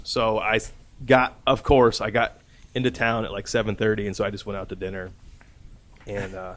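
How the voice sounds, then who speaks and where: A man hosting a casual podcast, telling a rambling, profane anecdote and laughing at his own story. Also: lowish voice. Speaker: podcast host.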